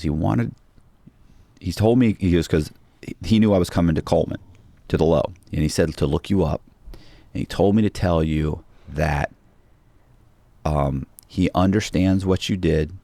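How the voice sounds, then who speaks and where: A man with a deep, low voice tells a story in a relaxed interview, acting out each quoted line as he goes. The sound is dry and close, with no room around it. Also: normal speed, creaky, long pauses, no room sound. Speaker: podcast guest.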